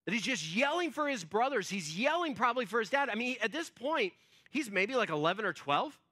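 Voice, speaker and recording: Brief: man preaching in church, high and bright voice, chatty storyteller who leans on fillers. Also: very animated, fairly quick. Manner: conversational storytelling, acts out quotes, frequent fillers. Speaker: pastor. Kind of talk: sermon.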